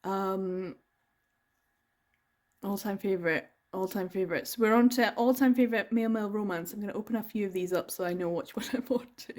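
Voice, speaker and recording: Talking about books on camera, an eager woman rambles loosely, wandering from idea to idea with trailing ums and frequent laughter. Her medium-pitched voice is a little mellow and a little fast.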